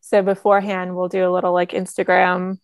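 A woman's voice: fairly low pitch, a little fast, clean tone, dry recording, clean studio sound. A woman co-hosting a podcast, chatting casually and supportively. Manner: supportive, relaxed, conversational. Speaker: podcast co-host. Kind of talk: casual chat.

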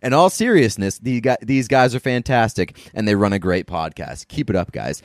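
A man's voice: on the low side, lively intonation, normal speed, no echo, clean studio sound. A man co-hosting a podcast, casually reading out listener reviews with jokes. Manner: laid-back, jokey, reads reviews aloud. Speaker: podcast co-host.

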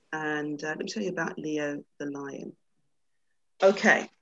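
Over a video call, a middle-aged woman serving as a panel guest speaks reflectively before reading a story aloud with dramatic swings. Her voice sits low, and the recording quality is poor.

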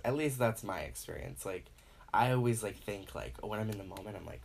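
A man with a fairly low voice talks through a loose comic monologue as a podcast host. He swears easily, slips into mocking voices for other people, and gets louder as a rant builds. A faint noise sits under the recording. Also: brisk, gravelly. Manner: rambling, profane, acts out voices of others; animated, grows louder when worked up. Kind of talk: casual comedic monologue.

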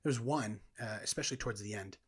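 A man's voice: lowish voice, quick pace, slightly rough. A man earnestly telling his personal testimony as a guest in a conversation. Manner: earnest, reflective storytelling.

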